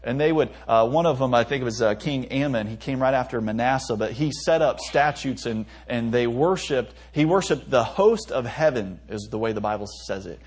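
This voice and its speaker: A man's voice: medium pitch, expressive, normal speed, hardly any pauses, husky. A young man, a pastor, preaching a conversational sermon with frequent restarts and light laughs. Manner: conversational preaching with stumbles and self-amused laughs.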